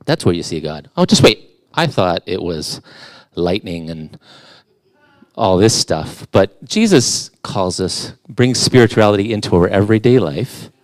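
A man's voice: low-pitched, animated, measured pace, no echo. A middle-aged man preaching a conversational sermon as a guest in church, casual and self-deprecating, with playful asides.

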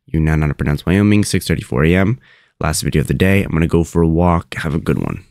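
A young man from the States hosts a tongue-in-cheek pronunciation lesson, drawling in a very deep, low register. He delivers his self-introduction with deadpan mock grandeur. The sound is dry and close, with no room around it. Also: fast, dry recording. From United States. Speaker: pronunciation video host. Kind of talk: jokey pronunciation tutorial.

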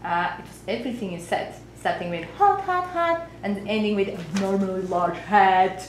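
A woman's voice: medium pitch, expressive, moderate pace, lightly acted. A woman acting a fed-up father next door who talks in a dry, sarcastic way. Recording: echoey room, faint hiss.

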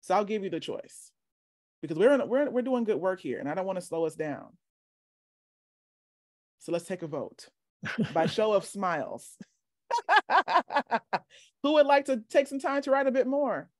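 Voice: medium pitch, very animated, normal speed, pauses often, darkish tone, no room sound, clean studio sound. A workshop leader teaching casually over a video call, chatty and encouraging, often asking "right?".

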